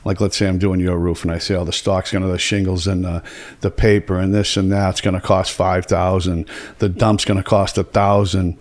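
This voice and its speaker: A middle-aged man talks in a lowish voice. He tells stories in a loose, rambling way, piling up fillers and the odd curse word. It sounds like casual podcast chat. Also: little pitch movement, moderate pace. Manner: rambling, heavy on fillers and profanity. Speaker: podcast host.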